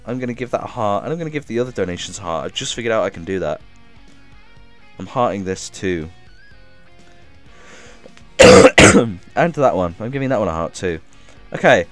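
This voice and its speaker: A man streaming a game live, reading chat aloud and thanking viewers with excitable energy, coughing now and then as if ill. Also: medium pitch.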